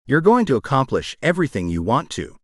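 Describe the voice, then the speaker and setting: A man's voice: mid-range voice, huge pitch swings, moderate pace, dry recording, clean studio sound. A man voicing a kind, supportive young woman in an audiobook. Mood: encouraging. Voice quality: gentle, encouraging.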